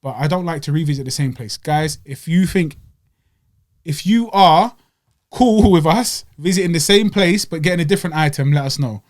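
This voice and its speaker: Slangy young man, animated. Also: fairly high pitch, moderate pace. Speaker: podcast co-host. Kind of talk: casual chat.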